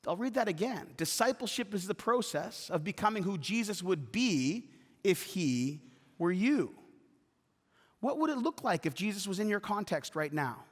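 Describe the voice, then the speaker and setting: A man preaching a sermon as pastor and telling a story, animated and acting out shouted voices. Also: sits high, normal speed. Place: church sanctuary. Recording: long church reverb.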